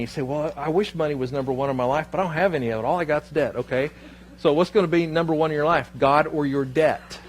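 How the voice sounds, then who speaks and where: Animated storytelling pastor, man. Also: a little high, a little hiss or hum. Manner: storytelling, animated, quoting others in his anecdotes. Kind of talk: sermon. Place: church sanctuary.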